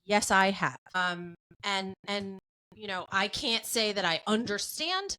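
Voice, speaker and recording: Bright, animated woman podcast host. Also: medium pitch, rough recording. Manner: animated, blunt, quick to laugh. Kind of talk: casual podcast chat.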